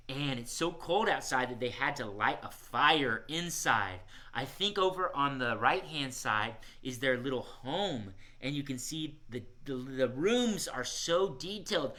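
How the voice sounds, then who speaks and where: A man hosting a live children's music show, gently and encouragingly greeting young viewers and reading their messages. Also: on the high side. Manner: gentle, encouraging, reads viewer shout-outs. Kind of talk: live-streamed kids' show chat.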